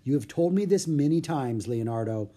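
The storybook reader voicing a gruff, impatient bird seller who barks in an irritated way. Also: mid-range voice, expressive, normal speed, dark tone, lightly acted. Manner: barking, irritated.

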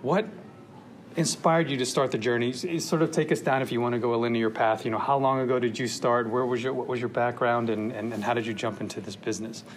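A man's voice: mid-range voice, fairly even intonation, fast, a little hiss or hum. A man hosting a podcast, talking casually with many fillers and restarts. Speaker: podcast host.

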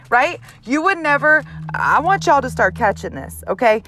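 A woman's voice: high-pitched, very animated, moderate pace, few pauses, bright, forceful tone. A mother hosting her own show, delivering a blunt, profane, emphatic motivational monologue. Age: adult mother. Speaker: host.

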